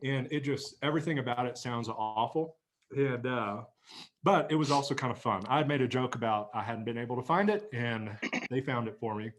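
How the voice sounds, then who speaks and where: A man's voice: mid-range voice, brisk. A man hosting a casual podcast chat, upbeat and joking as he steers the conversation. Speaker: podcast co-host, pastor.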